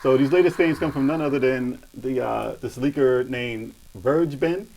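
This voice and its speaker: A man's voice: mid-range voice, steady tone, normal speed, vocal fry, darkish tone, poor audio. A man hosting a casual gaming podcast, reading news in a laid-back way with frequent laughs. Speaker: podcast host.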